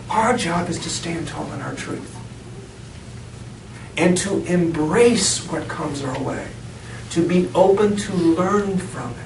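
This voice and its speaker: A middle-aged man, a reverend, telling a personal story within a sermon and laughing often as he goes. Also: sits high. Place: church sanctuary. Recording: echoey church from far off, noisy.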